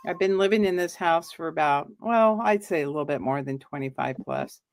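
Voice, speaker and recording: A woman's voice: deep voice, fairly quick. A middle-aged woman telling a personal ghost story, acting out the lines she quotes. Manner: animated, acts out quoted lines. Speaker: guest storyteller.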